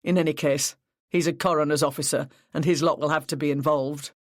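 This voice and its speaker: A narrator doing a brisk senior male police officer. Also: mid-range voice, steady tone, dry recording, clean studio sound, natural voice. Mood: relieved.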